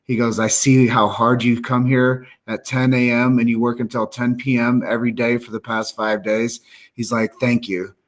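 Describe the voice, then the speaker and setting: A man's voice: medium pitch, level tone, normal speed. A man hosting a live stream, speaking earnestly and upbeat, addressing viewers directly. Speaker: live show host. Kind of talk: casual live-stream chat.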